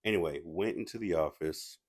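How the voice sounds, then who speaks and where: A man's voice: deep voice, brisk. A man casually telling a personal story as a movie reviewer, rambling with restarts and asides.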